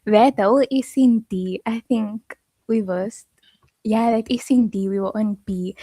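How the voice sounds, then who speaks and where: A woman's voice: fairly high pitch, warm tone, dry recording. A young woman guest on a gaming podcast, a pro player chatting in a giggly, chatty way. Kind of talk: casual interview chat.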